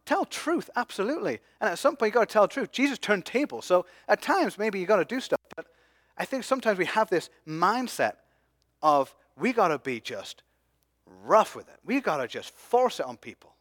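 Man, pastor, sermon, high voice, dry close sound, hushed-to-loud swings. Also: sing-song, moderate pace, no echo.

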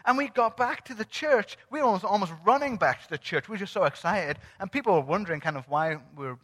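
A man telling a testimony from the pulpit as a sermon, animated and acting out the dialogue. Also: high voice, quick pace. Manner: animated storyteller who acts out quoted dialogue. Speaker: church speaker sharing a testimony. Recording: long reverb of a large hall.

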